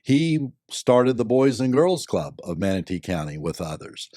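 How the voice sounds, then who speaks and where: An older man, a company board member and lawyer, giving measured, thoughtful answers with many pauses and fillers. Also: fairly low pitch, very animated, dark tone, dry recording, clean studio sound. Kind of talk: reflective interview answers.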